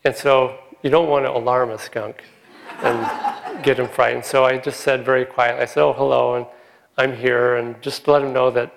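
Man, gravelly voice, gentle chuckling spiritual speaker, long hall reverb. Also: medium pitch. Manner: gentle, chuckles often while telling stories. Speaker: spiritual talk giver. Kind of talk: informal spiritual talk with anecdotes.

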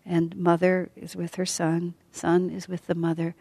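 Gravelly low-voiced woman telling a story. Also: completely flat delivery, a little slow. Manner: soft-spoken, often sinking to a near whisper. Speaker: teacher. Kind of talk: storytelling lesson.

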